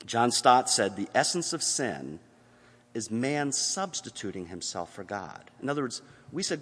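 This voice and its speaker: A man preaching a sermon as pastor, earnest, moving between hushed passages and emphatic appeals. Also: mid-range voice, big pitch swings, unhurried, husky, big-room sound.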